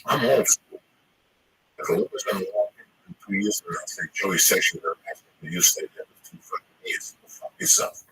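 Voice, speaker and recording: A man in loud, rambling, profane casual chat. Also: low-pitched, expressive, a little fast, husky, poor audio.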